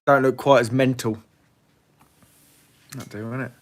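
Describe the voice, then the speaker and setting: A man's voice: mid-range voice, steady tone, a little slow. A man hosting a casual live Q&A, blunt and swearing freely, laughing often. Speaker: livestream host.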